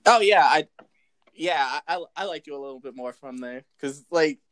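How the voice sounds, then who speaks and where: Upbeat man telling a story, higher voice. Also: moderate pace, slight background noise. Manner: lively, acts out quoted voices. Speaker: storyteller recounting a school memory. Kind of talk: casual chat, animated storytelling.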